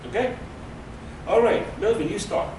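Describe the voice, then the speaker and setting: A man's voice: high voice, lively intonation, moderate pace, creaky, noisy background. A man teaching a beginners' Hebrew class, patiently explaining and praising his students. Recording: echoey room, mic far off.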